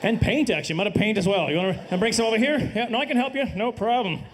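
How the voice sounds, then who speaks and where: A middle-aged Canadian man doing a live stand-up set, dry and self-deprecating, now and then bursting into loud put-on voices. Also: high voice, racing, noisy background. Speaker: stand-up comedian. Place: comedy stage before a live audience.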